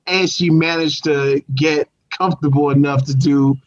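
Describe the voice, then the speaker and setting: A man's voice: on the high side, fairly even intonation, normal speed, lo-fi sound. A man co-hosting a casual review show who talks in an emphatic, slangy way. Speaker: podcast co-host.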